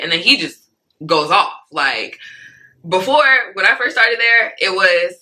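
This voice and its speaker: A young woman with a very bright, sharp voice tells a story as an interview guest. She is animated, acts out what other people said, and keeps checking in with "right?" and "like". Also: medium pitch, moderate pace, low-quality recording. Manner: animated, acts out quoted speech, many "like" and "right?" fillers. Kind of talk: casual storytelling.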